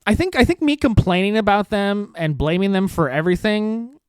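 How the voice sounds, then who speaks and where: Sarcastic ranting comedy podcast host. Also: male voice, sits high, lively intonation, fairly quick, clear, resonant tone, dry recording. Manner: exasperated, sarcastic ranting with swearing. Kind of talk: comedic monologue.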